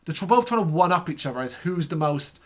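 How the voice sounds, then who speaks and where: A man with a slightly high voice co-hosts a casual film review podcast. He talks sarcastically, swears freely and drops mocking asides. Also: lively intonation, quick pace, darkish tone. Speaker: podcast co-host.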